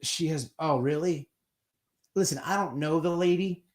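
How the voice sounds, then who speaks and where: A man talking in a fairly high voice, hosting a live stream with casual commentary. He rambles and swears freely. He often slips into quick put-on voices to act out what others said.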